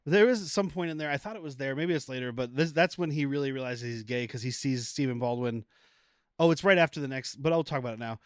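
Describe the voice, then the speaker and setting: A man co-hosting a movie podcast, casually retelling scenes in an animated way. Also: medium pitch, quick pace, dry recording, clean studio sound. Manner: animated retelling, acting out quoted lines. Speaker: podcast co-host. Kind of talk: casual movie-review chat.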